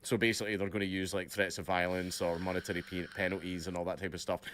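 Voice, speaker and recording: Low-voiced blunt man reading news. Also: level tone, quick pace, fairly bright tone, a little hiss or hum. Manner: blunt, profane, repeats himself. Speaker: livestream co-host. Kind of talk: reading news and commenting on a livestream.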